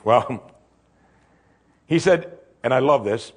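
Animated husky male preacher. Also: mid-range voice, takes it slowly, pauses often. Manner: animated, rhetorical questions, acts out voices. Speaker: pastor. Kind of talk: sermon.

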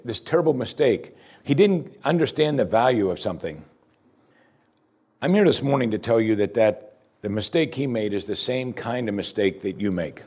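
A male pastor delivering a sermon, building to loud, emphatic repeated declarations. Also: mid-range voice.

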